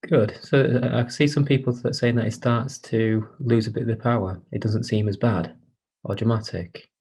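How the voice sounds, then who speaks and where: Gravelly husky man leading an online workshop. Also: on the low side, fairly even intonation, normal speed. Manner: gentle, inviting, hesitant with many restarts and "sort of". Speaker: workshop presenter for carers. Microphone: video call.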